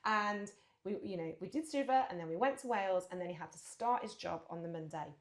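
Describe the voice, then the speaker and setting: A woman's voice: mid-range voice, a little fast, echoey room. A woman, co-hosting a casual podcast chat and telling stories animatedly, acting out what people said. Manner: animated storyteller, acts out quotes, laughs often. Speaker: podcast co-host.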